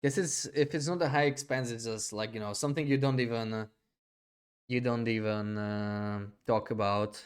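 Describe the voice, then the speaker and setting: A man's voice: medium pitch, steady tone, normal speed, clear, resonant tone. A young adult man streaming a game live, thinking aloud in a hesitant, rambling way with frequent restarts.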